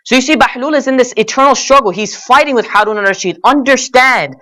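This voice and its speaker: At an Islamic center, a man delivers a religious lecture, telling stories earnestly and addressing the audience as brothers and sisters. His tone is bright and forceful. He slows to stretch key words, and his pitch and intensity rise when he argues his point.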